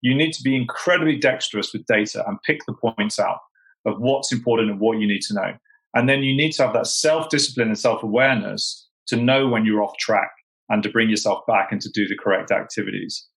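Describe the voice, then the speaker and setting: A man's voice: on the low side, a little fast, gravelly, a bit bright, poor audio. A British man speaking as a sales executive guest in a casual chat, emphatic and full of "you know" fillers. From United Kingdom.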